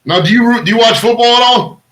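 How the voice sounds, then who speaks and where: A man's voice: very high-pitched, quick pace, a bit bright, rough recording. A man hosting a podcast interview, asking loose, chatty questions full of filler words. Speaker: podcast host. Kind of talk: casual interview.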